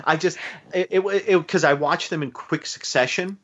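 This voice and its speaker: A man's voice: on the high side, moderate pace, breathy edge, dull audio. A man co-hosting a podcast, chatting casually about a TV movie, rambling with restarts and fillers. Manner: rambling, lots of restarts and fillers, animated retellings. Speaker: podcast co-host. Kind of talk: casual chat reviewing a TV movie.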